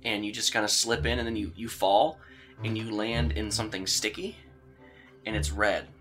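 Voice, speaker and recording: A man's voice: fairly low pitch, level tone, moderate pace, fairly bright tone, faint music behind. A man running a tabletop horror game as game master, joking and loose in his talk.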